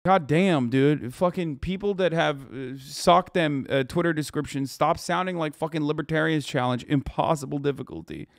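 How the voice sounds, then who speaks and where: A man's voice: on the high side, no echo. Ranting male streamer, dry close mic. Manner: profane, incredulous, rapid-fire ranting. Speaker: streamer reacting to a video. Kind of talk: live stream commentary.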